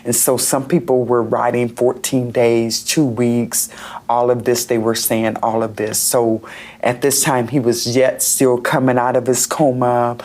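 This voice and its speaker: A woman's voice: rumbling low, little pitch movement, a little slow, darkish tone. Woman, pastor's wife, interview guest, plain narrative telling. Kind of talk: interview recounting.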